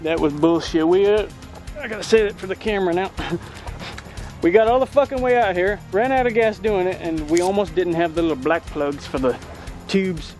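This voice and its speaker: A man's voice: high voice, moderate pace, a little mellow, soft background music. A man chatting casually and profanely, joking around outdoors at a lake while fixing a boat. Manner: profane, joking, laughs often. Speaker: boat owner and vlogger.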